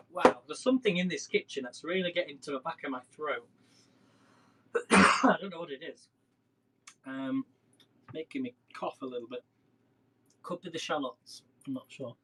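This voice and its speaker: Chatting and rambling to his livestream viewers, this man cooks through a casual demo in his own kitchen. He speaks at a fairly high pitch in an animated, brisk way. Heavy background noise fills the clip.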